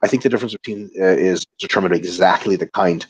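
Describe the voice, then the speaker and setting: A man's voice: sits low, quick pace, breathy edge, no room sound. A man co-hosting a casual webinar who reads out viewer questions and jokes in a crude, profane way. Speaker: co-host reading viewer questions.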